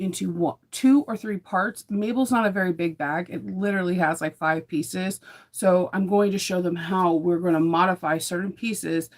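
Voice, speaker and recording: Chatty upbeat woman vlogging. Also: lowish voice. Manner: chatty and upbeat, rambling with fillers. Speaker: sewing vlogger. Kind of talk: casual morning vlog chat.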